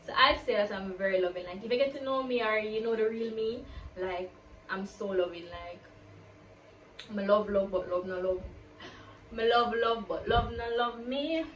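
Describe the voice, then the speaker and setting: Casting: woman vlogger, chatty Q&A, mid pitch, recorded a little off-mic in a roomy space. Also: unhurried, long pauses, a little hiss or hum. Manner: chatty, peppers talk with "like", slips into patois. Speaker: YouTuber. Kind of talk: casual get-to-know-me Q&A. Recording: roomy, distant from the mic, faint ambience.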